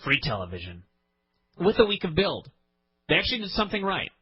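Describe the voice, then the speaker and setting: A man hosting a podcast launches into an exasperated, profane rant, his husky voice leaping up and down all the while. He sits a touch high in pitch, and the audio is slightly dull and lo-fi. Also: huge pitch swings, brisk. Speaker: podcast host. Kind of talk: ranting wrestling podcast chat.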